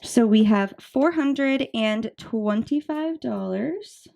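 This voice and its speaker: A woman's voice: fairly high pitch, animated, takes it slowly, vocal fry, warm tone. A woman in her twenties chatting casually to camera as a budgeting vlogger, bubbly and talkative, with many fillers and asides, a little out of breath. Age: 20s.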